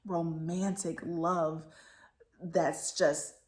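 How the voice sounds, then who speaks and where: A woman's voice: on the low side, level tone, drawn-out words. A woman giving a casual book talk, retelling the plot in a rambling way with many restarts. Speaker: book reviewer.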